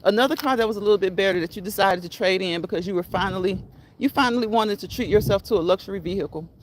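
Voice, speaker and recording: A woman's voice: medium pitch, fast, a little hiss or hum. A woman hosting a live stream, chatting casually, repeating her phrases and encouraging her viewers. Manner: repetitive, encouraging, laughs at own phrases. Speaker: livestream host.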